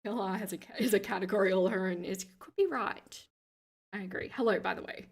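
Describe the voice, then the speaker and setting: An Australian woman hosting a livestream, chatting casually as she reads viewer comments aloud, with vocal fry in her lower register and frequent laughter. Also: quick pace. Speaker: livestream host.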